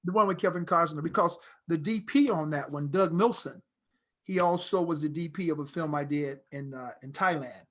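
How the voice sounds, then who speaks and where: Middle-aged male actor as interview guest, slightly high voice, rambling anecdotes told with animation. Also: moderate pace. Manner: animated storyteller, loose and rambling. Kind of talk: casual interview conversation.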